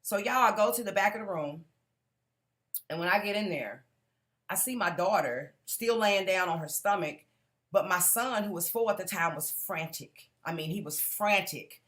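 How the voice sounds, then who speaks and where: A woman's voice: medium pitch, expressive, moderate pace, a bit bright. A woman giving an earnest personal testimony, speaking directly to a live audience and calling out to them as she goes.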